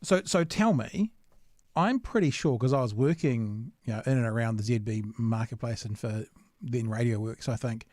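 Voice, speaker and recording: A man's voice: medium pitch, normal speed, a little mellow, no echo, clean studio sound. A man hosting a casual interview, asking rambling questions with restarts. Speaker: podcast host, interviewer.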